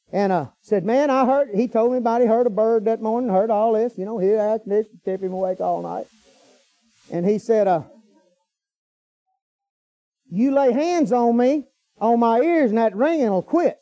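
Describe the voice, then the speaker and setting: A man's voice: very high voice, measured pace, long pauses, mellow. A middle-aged man preaching a storytelling sermon in a folksy, colloquial way, breaking into hallelujahs.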